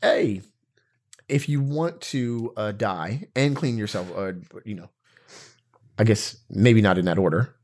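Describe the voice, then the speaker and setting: A man's voice: fairly low pitch, a little slow. A man co-hosting a casual chat, telling funny stories with lots of laughter. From Southern California. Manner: laughing storyteller, animated. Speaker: podcast co-host.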